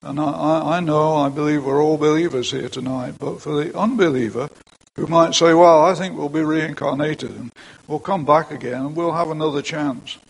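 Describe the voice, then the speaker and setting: Older male pastor, husky voice, casual asides while preaching. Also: on the high side, fairly even intonation, moderate pace, low-quality recording. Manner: plain conversational preaching with asides. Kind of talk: sermon. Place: church.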